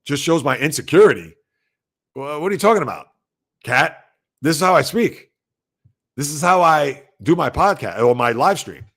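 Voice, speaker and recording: Loud, gravelly-voiced sports talk man. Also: on the high side, very animated, normal speed, pauses often. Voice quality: loud, emphatic delivery. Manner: rambling, conversational, talks back to chat. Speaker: sports livestream host. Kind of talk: casual sports talk livestream, reading viewer comments.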